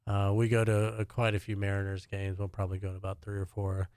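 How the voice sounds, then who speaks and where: Relaxed low-voiced man, casual chat. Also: fast, smooth, no echo. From Alabama, US. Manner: relaxed, chatty, many fillers. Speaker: guest, personal chef.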